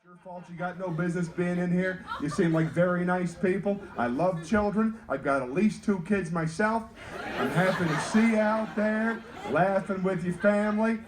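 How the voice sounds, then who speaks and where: On a cruise ship stage, a high-pitched comedian from North Carolina, USA, keeps a moderate pace through his clean routine. He animatedly ribs the crowd and trades words with the kids.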